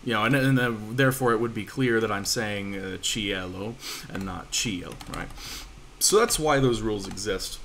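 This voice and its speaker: Relaxed man teaching an online class. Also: on the low side, moderate pace, vocal fry, a little hiss or hum. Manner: casual, reassuring, fillers and restarts. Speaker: language teacher. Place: home room, online voice call.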